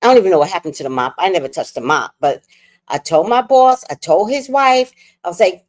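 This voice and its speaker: A woman's voice: on the low side, a little fast. Lady hosting a livestream, swinging her voice all over, cussing through a storytime rant. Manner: animated, profane, worked up. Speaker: livestream host.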